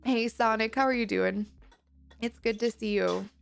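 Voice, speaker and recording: Woman, live streamer, gentle, reassuring, affectionate, slight fry, faint background music. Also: on the high side, moderate pace. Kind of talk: casual live-stream chat, reading chat aloud.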